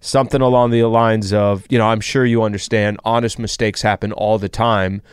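Smooth, deadpan male talk host. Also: on the low side, moderate pace, no room sound. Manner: deadpan, dry wit. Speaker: sports radio co-host. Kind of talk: casual sports talk chat.

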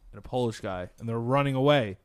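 A man's voice: medium pitch, fast talker, smooth, no room sound. A man co-hosting a podcast, telling jokes in a rambling way and laughing at them. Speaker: podcast co-host. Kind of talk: casual chat, telling jokes.

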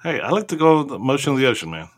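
A man's voice: mid-range voice, big pitch swings, rapid-fire, very noisy. A man co-hosting a casual podcast, reading out news items and joking around with lots of laughter. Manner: laughs often, jokey. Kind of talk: casual chat.

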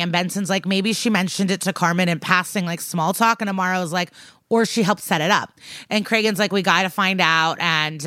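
A woman's voice: fairly low pitch, fairly bright tone, no room sound. A woman co-hosting a podcast, retelling a TV episode in casual chat and quoting the characters as she goes. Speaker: podcast co-host.

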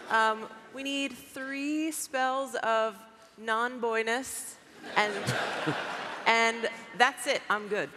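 A player in a tabletop game, giggling and speaking slowly. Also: medium pitch, steady tone, long reverb tail, very noisy. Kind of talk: casual chat at a game table.

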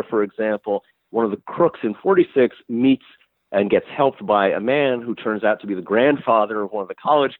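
A man talking as a guest in a conversational interview, animated and chatty with wry asides. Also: fairly low pitch, dry recording, narrow, tinny audio. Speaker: guest, crime fiction publisher and writer.

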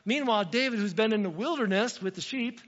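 A man's voice: high voice, quick pace, a bit bright, long reverb tail, dull audio. A man preaching a sermon as pastor, in a conversational way that often turns straight to the congregation. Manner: conversational, addresses the congregation directly.

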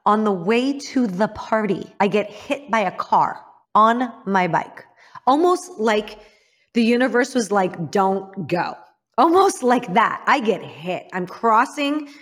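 A woman from Illinois telling her own story as an interview guest, frank and emphatic, dropping to a hushed voice for the painful memories. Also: mid-range voice. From Illinois, United States. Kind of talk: candid personal storytelling.

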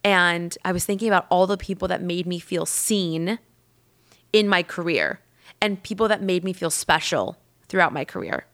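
A woman podcast host telling a rambling personal story in casual chat, with lots of "like" and lively acted-out quotes. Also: fairly low pitch, moderate pace. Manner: chatty and rambling, heavy use of "like"; lively, acts out quoted people.

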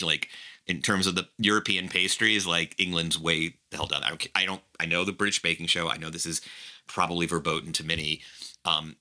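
A man with a low voice co-hosts a podcast in loose, animated chat. His tone is strikingly bright and sharp. He strings his thoughts together with frequent "like"s. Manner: animated, peppered with "like". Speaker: podcast co-host. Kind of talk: casual recap chat.

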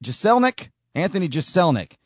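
A man's voice: sits high, very animated, normal speed. A man hosting a podcast, ranting in opinionated solo commentary with frequent restarts. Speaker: podcast host.

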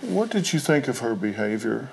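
A man's voice: medium pitch, very animated, moderate pace, gravelly, a little hiss or hum. A male talk show host asking direct, pressing interview questions.

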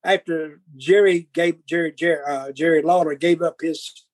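A man's voice: fairly high pitch, steady tone, moderate pace, low-quality recording. An older man telling blunt, profane stories and acting out old arguments. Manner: profane, blunt, acts out quarrels in dialogue. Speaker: guest. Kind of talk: casual storytelling.

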